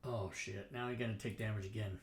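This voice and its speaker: A man with a lowish, steady voice talks briskly, with a little hiss or hum on the recording, as he runs a tabletop game from his home streaming setup. The dungeon master keeps things casual and self-mocking, swears often, and drifts back from his desk mic.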